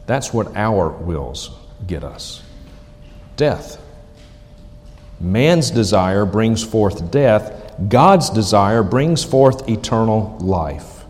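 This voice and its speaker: Lowish-voiced pastor guy preaching, leans hard on repeats, echoey hall. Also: sing-song, a little mellow. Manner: emphatic, repeats key phrases slowly. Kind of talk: sermon.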